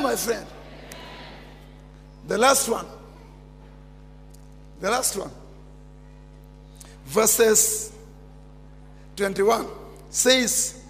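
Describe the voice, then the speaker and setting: A man with a Kenyan accent preaching a fiery sermon, jumping from shouts down to near-whispers. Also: very high voice, animated, slow, pauses often, a little hiss or hum. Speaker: pastor. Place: large church hall. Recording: long church reverb.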